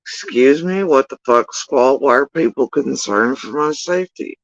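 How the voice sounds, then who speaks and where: A man's voice: mid-range voice, expressive, normal speed, dry recording, muffled recording. A man telling a long story in a casual commentary rant, profane, rambling and exasperated.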